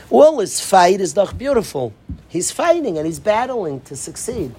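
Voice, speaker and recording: A man giving an informal talk to dorm counselors, animated, acting out quoted voices and often restarting his sentences. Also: high-pitched, moderate pace, slightly rough. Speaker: yeshiva speaker addressing dorm counselors.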